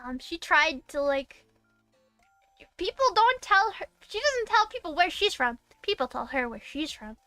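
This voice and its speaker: A woman's voice: very high voice, very animated, unhurried, pushed and bright, no echo, soft background music. A young woman from Massachusetts, a VTuber streamer, chatting casually on a live stream. She rambles and giggles often, with lots of fillers and restarts.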